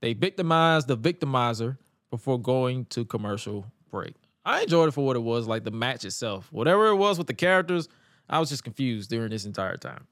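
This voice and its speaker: A man co-hosting a podcast and recapping wrestling in a casual, animated way. He stammers and acts out quotes. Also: medium pitch, brisk, dry recording, clean studio sound. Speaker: podcast co-host.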